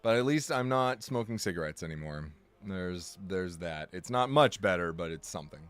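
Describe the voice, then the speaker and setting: A man's voice: low-pitched, expressive, moderate pace, clean tone, soft background music. A man chatting casually on a live stream, rambling, correcting himself often and joking along with his chat. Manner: rambling, self-correcting, jokey.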